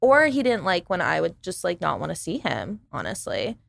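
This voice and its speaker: Gravelly woman guest telling a dating story. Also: fairly low pitch, normal speed, no echo. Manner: animated, quotes others, lots of "like". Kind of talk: casual storytelling.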